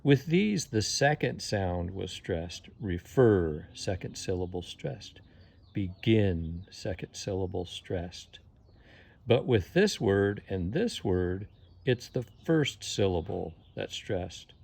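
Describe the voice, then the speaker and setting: A man's voice: sits low, lively intonation, slow, vocal fry, darkish tone, husky. A man teaching English grammar, patiently spelling words out letter by letter and repeating each rule. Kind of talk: slow spelling-out lesson.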